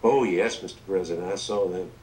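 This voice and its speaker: A man's voice: sits low, a little fast, a little mellow, far from the mic, lightly acted. A man imitating a deferential Southern governor, eager to agree. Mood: meek.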